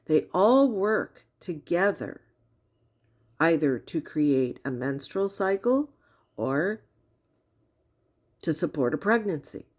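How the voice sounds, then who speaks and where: A woman with a lowish voice talks slowly, taking her time as she explains. Her commentary is casual and wry, with a teasing edge. She keeps tossing out rhetorical questions. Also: very animated, darkish tone.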